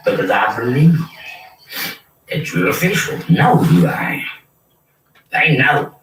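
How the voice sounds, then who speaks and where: A man's voice: mid-range voice, lively intonation, takes it slowly, long pauses, sharp tone. An older man, delivering a rambling, preachy and threatening monologue. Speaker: self-proclaimed prophet. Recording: roomy, distant mic with faint noise.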